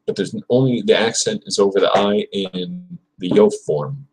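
A man's voice: on the low side, big pitch swings, moderate pace, creaky, darkish tone, husky, poor audio. A young man on a livestream, practicing Spanish verb forms aloud and chatting casually with viewers in between. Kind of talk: casual livestream study session.

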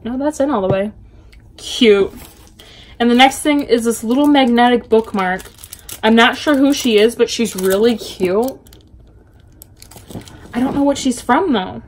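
A woman excitedly unboxing a package in her bedroom for a casual book vlog, gushing and chatty. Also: fairly high pitch, measured pace, long pauses, slight background noise. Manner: gushing, chatty, full of little gasps and exclamations. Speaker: book vlogger.

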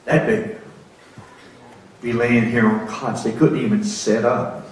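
A man's voice: mid-range voice, flat delivery, slow, slight background noise. An older American man telling testimony stories in a folksy sermon, sometimes building to fervent exclamations, in a church. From United States. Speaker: preacher giving testimony. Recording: echoey church hall.

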